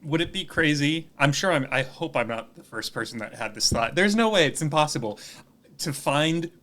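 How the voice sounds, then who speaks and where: A man's voice: on the high side, animated, moderate pace, a bit bright. A man hosting a podcast, chatting casually and joking, with loose swearing. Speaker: podcast host.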